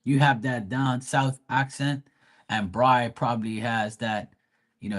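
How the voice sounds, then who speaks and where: A chatty man with a Bermudian accent, talking loosely on a live stream. His speech is animated and full of slang, and he tells stories in a relaxed, conversational way. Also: mid-range voice, a little slow. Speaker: live tarot reader. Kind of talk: casual live-stream chat.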